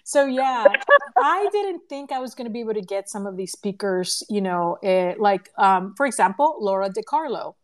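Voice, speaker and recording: A woman's voice: medium pitch, normal speed. A woman organizing a conference, telling a story in a casual live audio room with lots of laughter and acted-out quotes. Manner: animated, laughing, acts out quoted voices. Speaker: conference organizer and podcast host. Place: home living room. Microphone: phone or computer mic in a live audio room.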